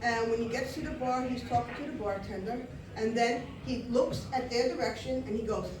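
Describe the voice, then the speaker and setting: A woman, from Brooklyn, telling a story on stage in an animated, comic way full of fillers and restarts. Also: a little high, a little fast, noisy background. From Brooklyn, New York. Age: 40s. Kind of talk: live storytelling performance. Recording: roomy, distant live-room sound.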